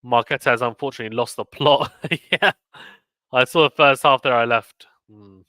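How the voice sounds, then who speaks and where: A young man commentates a tennis match on a live stream, doing casual play-by-play and reading viewer comments aloud between points. His medium-pitched voice is bright and forceful at a normal speed, recorded dry.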